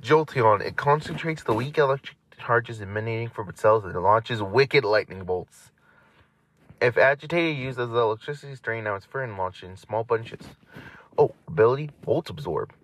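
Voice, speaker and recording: A man of ordinary pitch hosts a casual podcast. He reads entries aloud, trips over words, restarts, and breaks off into chatty asides. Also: lively intonation, normal speed. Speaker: podcast host.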